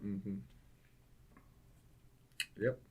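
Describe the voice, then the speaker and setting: A man's voice: extremely slow, phone-quality sound. A man co-hosting a casual movie podcast who mostly answers in short agreeing replies and gives plain, easygoing opinions. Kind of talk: casual chat.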